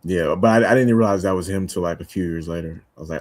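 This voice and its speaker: Deep-voiced young man, loose chat. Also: quick pace, a little mellow, no echo. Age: young adult. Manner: loose, rambling, full of fillers and restarts. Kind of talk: casual chat.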